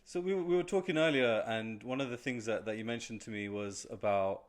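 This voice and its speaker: A man's voice: mid-range voice, brisk. A man hosting a podcast, asking questions and murmuring agreement as he listens. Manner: attentive, frequent murmured agreement. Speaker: podcast host. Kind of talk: interviewing.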